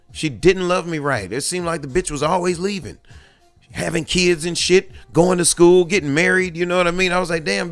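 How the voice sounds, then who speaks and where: A man's voice: fairly high pitch, fairly bright tone, smooth. A man and father, hosting a podcast, talking in a candid, profane, rambling monologue with many restarts. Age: adult with children. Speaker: podcast host.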